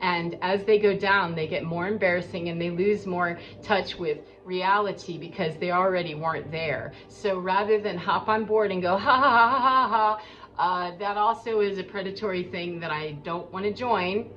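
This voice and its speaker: A woman's voice: lowish voice, steady tone, moderate pace, few pauses. A woman giving an earnest, rambling spiritual monologue as a coach, talking in a preachy way. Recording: dull lo-fi with faint background noise.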